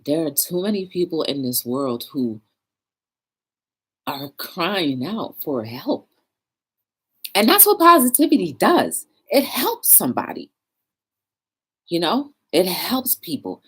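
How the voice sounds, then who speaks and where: A woman's voice: on the low side, big pitch swings, slow, long pauses, slightly rough. A woman hosting a live talk show, speaking earnestly and emotionally, close to tears. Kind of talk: live stream monologue.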